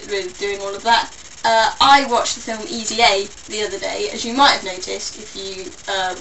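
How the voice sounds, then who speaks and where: A woman's voice: medium pitch, sharp tone, recorded from a distance, slight background noise, low-quality recording. A young English woman with a mixed London and Somerset accent, rambling through a casual vlog with playful, self-mocking asides. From England. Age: young adult. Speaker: vlogger.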